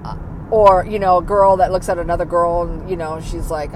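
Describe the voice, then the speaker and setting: A woman's voice: on the low side, fairly even intonation, normal speed, noisy background. A woman giving a blunt, self-critical monologue full of swearing, sometimes dropping almost to a whisper. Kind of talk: candid monologue.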